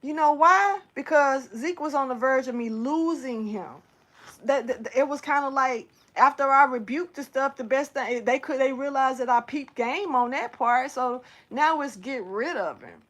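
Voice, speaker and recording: A woman spiritual reader telling a story casually to her camera, animated and slangy, swearing and talking straight to her viewers. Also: sits high, moderate pace.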